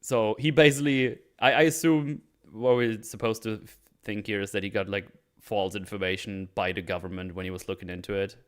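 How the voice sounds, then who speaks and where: A man from Germany with a fairly low voice hosts a casual podcast chat. He retells a film scene by scene, jumping into quick put-on voices for the dialogue and swearing freely. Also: fairly even intonation. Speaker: podcast host.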